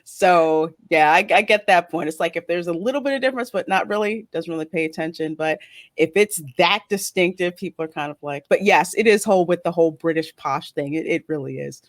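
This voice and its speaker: A woman's voice: fairly low pitch, fairly quick, dry recording, clean studio sound. A woman with a Northeastern American accent hosting a casual interview, chatty and laughing often as she acts out what people say. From northern United States. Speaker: interview host. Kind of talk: casual online interview chat.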